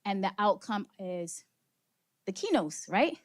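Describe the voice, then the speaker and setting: Energetic woman working a conference crowd. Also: mid-range voice, slow pace. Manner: energetic, engages audience with questions and laughs. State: slightly out of breath. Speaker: speaker leading a workshop session. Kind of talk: interactive motivational talk. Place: conference room with live audience.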